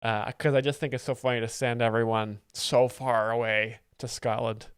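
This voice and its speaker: Male live streamer, deadpan fake expert, sweary, mid pitch, dry mic. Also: moderate pace, smooth, no echo. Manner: deadpan mock-expert, sweary, absurd claims. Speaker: host, streamer. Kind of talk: live-stream reaction commentary.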